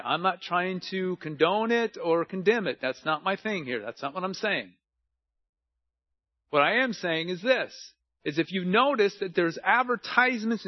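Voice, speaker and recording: A middle-aged man preaches in a relaxed, conversational sermon, weaving in personal stories and poking fun at himself. His voice sits high for a man. The recording is dry and slightly muffled. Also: dry recording. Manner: conversational preaching with personal anecdotes and self-deprecating humor. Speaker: pastor.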